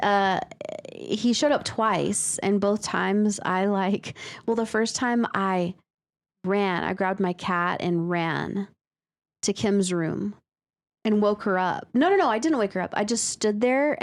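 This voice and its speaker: A podcast co-host chats casually about a listener's story, her telling full of fillers and laughter. She has a mid-range voice and keeps a measured pace.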